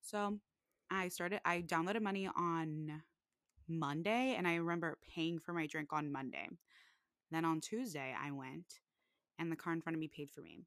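A woman's voice: low voice, moderate pace, no echo, clean studio sound. Chatty young woman telling a story. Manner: chatty, full of "like", animated when quoting others. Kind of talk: casual storytelling chat.

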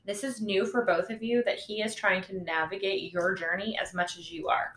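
A woman's voice: medium pitch, steady tone, normal speed, a bit bright. A woman co-hosting a casual podcast, backing up her friend with supportive, affirming remarks. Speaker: podcast co-host. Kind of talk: casual chat. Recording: echoey room.

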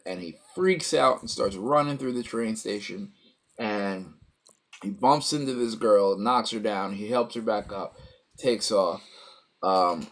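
A man casually recapping a story, rambling with many fillers and acting out quoted lines. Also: mid-range voice. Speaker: co-host recapping a show. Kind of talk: casual chat.

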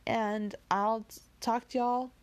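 A woman's voice: on the high side, steady tone, slow. A woman reading a classic novel aloud chapter by chapter, then chatting about it in a rambling, self-deprecating way. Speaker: reader of an audiobook series.

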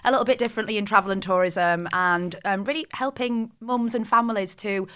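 A woman's voice: medium pitch, brisk, bright, forceful tone, clear, resonant tone. A woman and travel business founder talking candidly and with self-deprecating humour on a podcast. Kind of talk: casual podcast chat.

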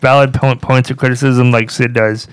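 A man co-hosts a podcast in casual banter at a middle pitch. He stumbles and restarts his sentences often, and the sound is dry and close. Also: little pitch movement, clear, resonant tone, dry recording. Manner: halting, restarts often, says "man" and "yeah". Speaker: podcast co-host.

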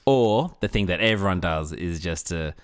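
A man co-hosting a casual chat, often laughing and jumping into high, mocking impressions. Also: animated, moderate pace, clean tone, dry recording, clean studio sound. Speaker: podcast co-host.

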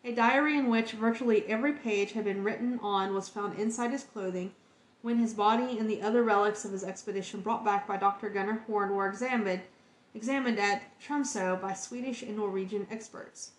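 A woman's voice: mid-range voice, fairly even intonation, fairly quick, reverberant. A woman hosting a podcast, reading encyclopedia entries aloud in an earnest, heartfelt way. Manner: earnest, emotionally moved reading.

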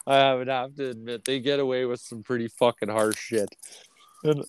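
A man's voice: medium pitch, steady tone, normal speed, slight background noise. A man hosting a casual podcast, stoned and yawning, rambling with heavy swearing and frequent laughs. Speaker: podcast host. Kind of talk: casual profane chat.

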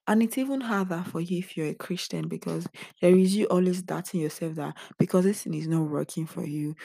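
A woman's voice: deep voice, mellow, dry recording. A young woman, talking candidly to her viewers in a personal vlog and sounding emotionally drained. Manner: earnest and confiding, talks straight to viewers. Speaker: vlogger.

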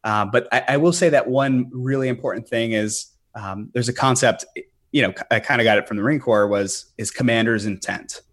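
A businessman appears as a guest in a podcast interview, earnestly explaining his methods with frequent fillers and restarts. His mid-range voice has a fairly bright tone and moves a little fast.

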